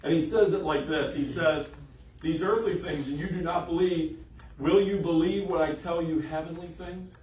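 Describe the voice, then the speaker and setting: A man's voice: fairly high pitch, moderate pace, darkish tone, a little hiss or hum. A man preaching a sermon in an emphatic way, repeating phrases for emphasis. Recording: echoey room, voice from a distance.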